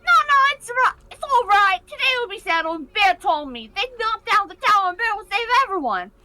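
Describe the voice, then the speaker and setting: A woman's voice: very high voice, sing-song, fairly quick, heavy background noise, pitched above the performer's own voice. A woman voicing a small, stubborn, earnest boy in a video game, pleading and insistent. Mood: determined. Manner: pleading, insistent, voice breaking at times. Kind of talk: voicing game dialogue on a stream.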